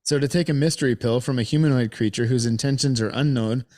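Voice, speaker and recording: A man's voice: medium pitch, fast talker, darkish tone. A man co-hosting a casual podcast who narrates the case notes to his friends and often chuckles. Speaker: podcast co-host reading out the case.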